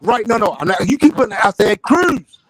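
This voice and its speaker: A man's voice: high voice, expressive, normal speed, fairly bright tone, low-quality recording. A middle-aged man in a heated boxing debate over a voice call, insistent, repeating his questions and swearing. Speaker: panel debater. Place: online voice call.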